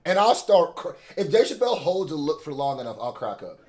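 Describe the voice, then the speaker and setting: An excitable man hosts a casual reaction video, his voice swinging widely from low to high as he hypes things up. His pitch sits somewhat high for a man, and his energy comes in sudden bursts. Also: a little fast. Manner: animated, excitable, bursts of hype.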